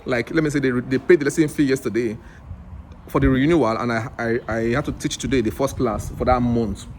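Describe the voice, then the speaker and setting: A man's voice: medium pitch, fairly quick, a little hiss or hum. A Nigerian man telling a story in a casual vlog, acting out the other people's lines and often restarting his sentences. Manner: animated, acts out dialogue with rambling restarts. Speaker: English teacher vlogger.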